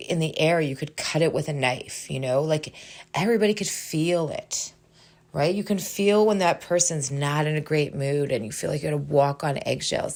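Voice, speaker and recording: A woman's voice: low-pitched, darkish tone. A middle-aged woman hosting a podcast, giving an earnest motivational talk and checking in with her listeners with a frequent "right?". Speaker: podcast host. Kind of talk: motivational monologue.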